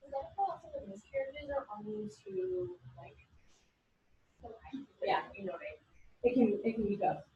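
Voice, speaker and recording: A woman in her forties gives a lively classroom lecture in a higher-than-usual voice, acting out the people in her stories. She is picked up from across an echoey room, with faint room ambience behind her. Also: recorded from a distance, highs cut off, a little hiss or hum. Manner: animated, storytelling with quoted voices. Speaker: instructor.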